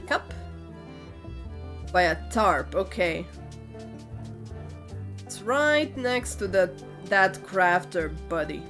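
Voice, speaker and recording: A woman's voice: on the low side, lively intonation, extremely slow, long pauses, a bit bright, faint music behind. A woman commenting as she plays a video game, hesitant and thinking aloud, often correcting herself. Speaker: gaming video creator. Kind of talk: let's play commentary.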